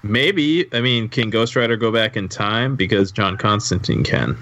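A man's voice: fairly low pitch, lively intonation, normal speed, a bit bright, slight background noise. A man arguing combatively and teasingly on a casual podcast panel.

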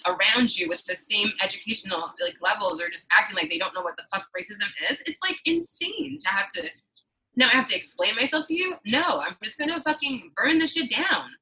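A woman's voice: mid-range voice, pushed and bright, low-quality recording. A woman in her thirties from the New York City suburbs, talking in a heated, emphatic way and swearing freely in a casual conversation. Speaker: guest.

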